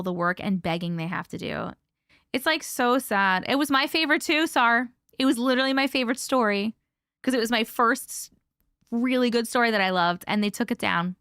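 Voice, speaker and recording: A woman hosts a live stream and chats loosely with her viewers, reading out their comments and thanking them by name. Her voice is bright and forceful, sitting a little high. The sound is dry and close, with no room in it. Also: clean tone, dry recording. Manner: chatty and rambling, swears casually, thanks viewers by name.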